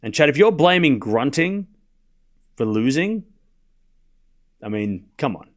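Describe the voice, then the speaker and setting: A man's voice: medium pitch, sing-song, slow pace. Chatty Australian man calling tennis. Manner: rambling and chatty, calling scores between asides. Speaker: host doing live tennis commentary. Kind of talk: casual live-stream commentary.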